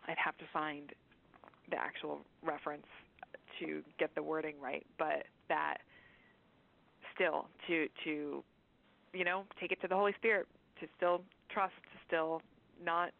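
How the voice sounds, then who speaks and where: Facilitator over a phone line, kinda gravelly, thinks out loud, little laughs. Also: mid-range voice, flat delivery, unhurried. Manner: thoughtful, searching for words, light laughs. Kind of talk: reflective spiritual discussion.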